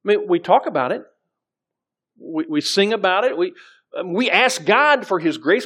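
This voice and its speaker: A man's voice: high-pitched, lively intonation, moderate pace, a bit bright, husky. A middle-aged man preaching as pastor, conversational, with frequent restarts and scripture readings. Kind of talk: sermon.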